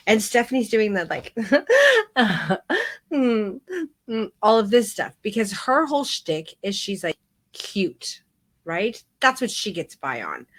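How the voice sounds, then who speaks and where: A middle-aged woman teaching a live photography class, telling stories in a frank, animated way with casual swearing. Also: mid-range voice. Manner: frank and animated, with mild profanity.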